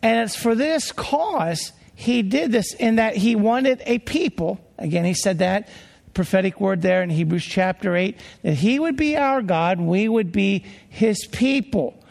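Earnest high-voiced preacher with gravelly tone. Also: male voice, a little mellow. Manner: earnest, slow preaching with rhetorical questions. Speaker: pastor. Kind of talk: sermon. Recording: long hall reverb.

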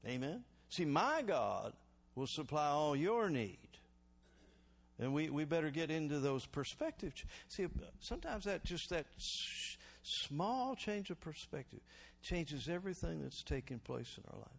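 Pastor guy preaching, gets loud then drops way down quiet, keeps asking for amens. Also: a little high, a little slow, creaky. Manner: animated preaching, calls for congregation response; swings between loud exhortation and quiet reflection. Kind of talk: sermon.

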